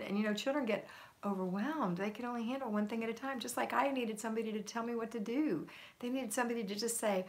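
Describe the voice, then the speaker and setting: A woman's voice: fairly high pitch, quick pace, a little mellow. A middle-aged woman hosting a homemaking livestream, reading viewer comments aloud and answering them with encouragement.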